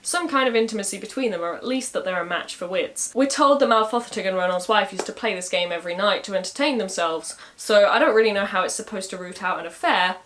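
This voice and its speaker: A woman casually retells an old saga, dropping wry, sarcastic asides as she goes. Her voice sits at a middling pitch. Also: quick pace, few pauses, a bit bright, slight background noise. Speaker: storyteller.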